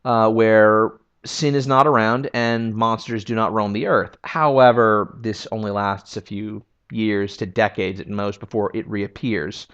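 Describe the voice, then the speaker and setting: A man's voice: lowish voice, fairly even intonation, unhurried, hardly any pauses, fairly bright tone, smooth, highs cut off. A man giving casual, opinionated video essay commentary as a game history reviewer. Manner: opinionated and conversational.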